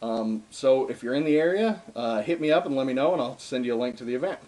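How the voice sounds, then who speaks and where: With an expressive, darkish, mid-range voice and a quick pace, a young man teaches darbuka informally in a home room. He often says um and uh and breaks off to drum between phrases.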